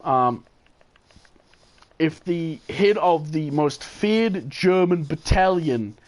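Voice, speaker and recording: A New Zealand man who hosts a gaming channel tells a loose, rambling gameplay story at a slow pace, his fairly high voice full of lively intonation, chuckling and correcting himself throughout.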